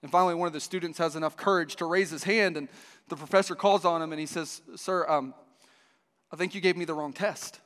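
A man's voice: fairly high pitch, steady tone, a little fast, a bit bright. A man preaching a sermon to a church, telling a story with frequent restarts. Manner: storytelling with many restarts, voices the dialogue. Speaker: pastor. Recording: long hall reverb.

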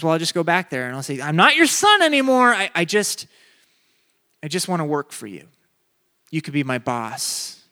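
Bright animated male preacher. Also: on the high side. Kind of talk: sermon with personal story.

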